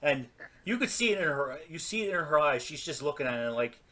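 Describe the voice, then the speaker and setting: Casting note: male podcast co-host, bright tense voice, slightly high, chatty storyteller. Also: animated, quick pace. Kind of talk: casual wrestling podcast chat.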